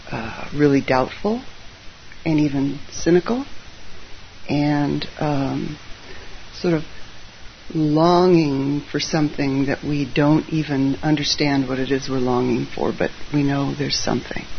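A middle-aged Zen teacher giving an informal dharma talk, chatty and full of ums, with gentle self-deprecating humor. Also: mid-range voice, vocal fry. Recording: slightly muffled with faint hiss.

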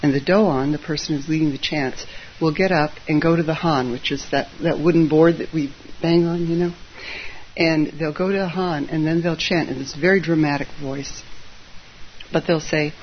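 A middle-aged Zen teacher giving an informal dharma talk, chatty and full of ums, with gentle self-deprecating humor. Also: medium pitch, steady tone, normal speed. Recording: slightly muffled with faint hiss.

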